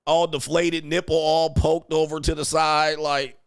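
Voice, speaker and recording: A man's voice: fairly high pitch, little pitch movement, unhurried, clear, resonant tone. A man hosting a show, telling crude comedic stories in heavy slang and acting out quotes. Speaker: podcast host. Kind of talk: crude comedic riffing to a live chat.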